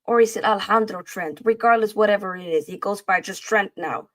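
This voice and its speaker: A woman's voice: medium pitch, fairly quick, a bit bright. A woman co-hosting a casual football chat show, talking in a playful, trash-talking way full of slang. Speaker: podcast co-host.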